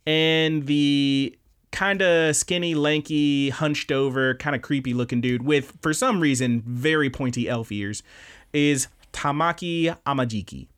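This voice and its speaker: A man hosting a podcast, casually recapping anime episodes with animated, profane storytelling. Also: fairly high pitch, unhurried, clean tone. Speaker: podcast host.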